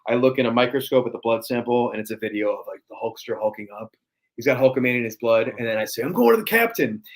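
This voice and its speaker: A man's voice: medium pitch, little pitch movement, quick pace, rough recording. Chatty New man telling stories. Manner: chatty storyteller, many fillers. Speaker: podcast guest. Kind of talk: casual podcast conversation.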